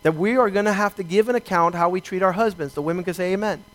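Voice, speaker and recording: A man with a high-pitched voice preaches a sermon from the pulpit. He reads scripture aloud and slows down to stress key words. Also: rough recording. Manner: preaching with emphatic slowdowns, quoting scripture and acting out dialogue. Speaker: pastor.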